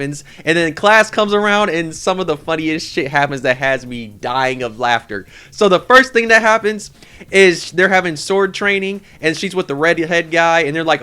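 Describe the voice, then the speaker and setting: A young man giving a casual, excited, rambling review of an anime, peppered with "like". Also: fairly high pitch, fast, clean tone. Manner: excited, rambling retelling with lots of "like".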